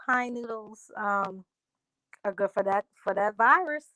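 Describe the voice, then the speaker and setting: A woman hosting a casual livestream, reading out viewer comments and answering them in a relaxed, drawling country way. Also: medium pitch, a little slow, dry recording, rough recording.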